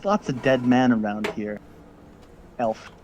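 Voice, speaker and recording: A man's voice: medium pitch, slow, background noise, close to an everyday voice. A man voicing a crude, threatening male halfling thug from a crime clan, in a tabletop game. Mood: menacing.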